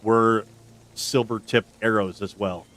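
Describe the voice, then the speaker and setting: A man running a tabletop game as game master, narrating events with slow dramatic pauses. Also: on the low side, steady tone, a bit bright.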